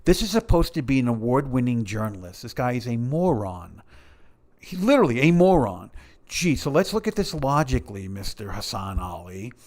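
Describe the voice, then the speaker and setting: A man's voice: mid-range voice, big pitch swings, moderate pace, a little mellow. A man giving casual commentary in a sarcastic, rambling way.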